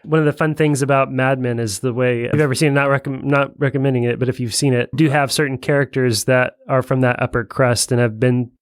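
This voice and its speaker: A man co-hosting a casual film podcast, agreeable and quick to chime in. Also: mid-range voice, steady tone, clear, resonant tone, dry recording, studio quality. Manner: agreeable, chiming in. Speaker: podcast co-host.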